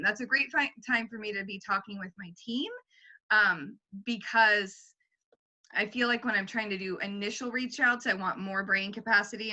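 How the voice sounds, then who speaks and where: A woman's voice: mid-range voice, pushed and bright, rough recording. A woman chatting animatedly in a group book discussion, laughing often as she talks. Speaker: team leader in a book club call.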